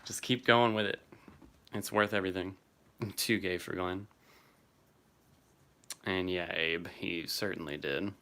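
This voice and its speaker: A man's voice: deep voice, fairly even intonation, unhurried, long pauses, pushed and bright. A young man casually chatting on a livestream, answering viewers by name and swearing now and then. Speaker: streamer reading live chat.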